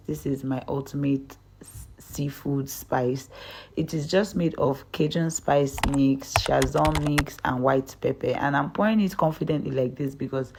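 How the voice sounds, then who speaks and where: Upbeat young woman with a mellow voice. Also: a bass voice, breathy edge. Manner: chatty, upbeat, addresses viewers as guys. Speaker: cooking channel host. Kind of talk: recipe tutorial voice-over.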